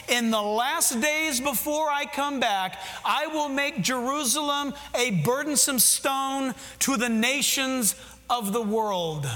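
A man's voice: extremely high pitch, bright, forceful tone, long reverb tail. A male pastor preaching an emphatic sermon, putting direct questions to his congregation.

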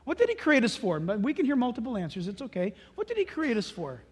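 A male pastor preaching in an animated, storytelling way, sliding between voices as he tells each story. His voice sits very high for a man, and his pitch swings widely from line to line. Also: fast, slightly rough. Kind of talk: sermon.

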